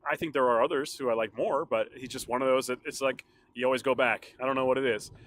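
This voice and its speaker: A man's voice: mid-range voice, steady tone, fast talker, a bit bright, slight background noise. A man hosting his own podcast, chatting alone in a rambling, casual way with frequent laughs, his throat a little sore. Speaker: podcast host. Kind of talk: casual solo podcast chat.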